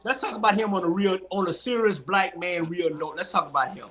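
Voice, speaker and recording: A man's voice: high-pitched, fairly quick, fairly bright tone. A man co-hosting a sports talk show on a video call, arguing emphatically and repeating his points. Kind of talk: heated sports debate.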